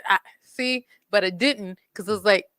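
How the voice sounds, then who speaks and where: A woman hosting a podcast, telling a story in an animated, blunt way, swearing freely and acting out quotes. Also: mid-range voice, normal speed, no echo. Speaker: podcast host. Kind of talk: casual storytelling chat.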